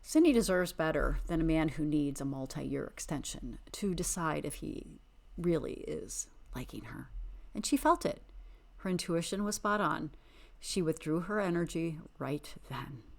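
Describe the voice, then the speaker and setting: A woman hosting a podcast, recapping a reality TV show with sassy, exasperated, animated commentary. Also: low-pitched, measured pace, gravelly. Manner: animated, dramatic emphasis. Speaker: podcast host.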